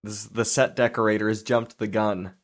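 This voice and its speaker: A man's voice: on the low side, little pitch movement, normal speed. Wry, mocking male movie podcaster. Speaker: podcast co-host. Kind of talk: casual movie review chat.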